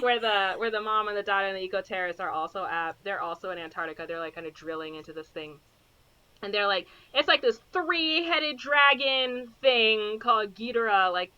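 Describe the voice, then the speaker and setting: Bright-voiced rambling woman podcaster. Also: medium pitch, clear, resonant tone. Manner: rambling, full of fillers, acts out characters' lines. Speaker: podcast co-host. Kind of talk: casual chat recapping a movie. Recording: dull lo-fi podcast audio.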